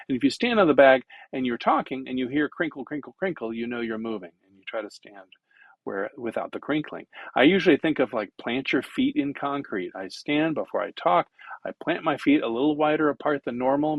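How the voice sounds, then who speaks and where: A man's voice: medium pitch, dry recording, low-quality recording. A man teaching public speaking in a conversational lecture, demonstrating as he goes and using many fillers. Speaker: instructor.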